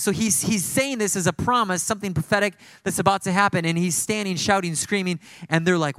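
A man's voice: sits high, brisk, hardly any pauses, fairly bright tone, dry recording. A man preaching a sermon with passion, stressing points through repeated phrases. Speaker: pastor.

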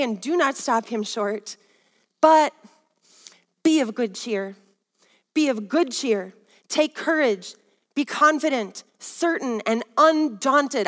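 In Minnesota, a women's Bible study teacher with a high, slightly bright voice gives a lesson in sermon style. She stirs up her listeners and calls out for their response, while long reverb makes her sound like she's in a large hall.

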